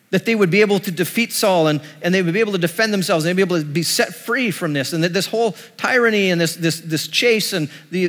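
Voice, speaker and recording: A man's voice: high-pitched, a bit bright, in a large hall. A male pastor preaching a sermon, retelling a scripture story in a storytelling way.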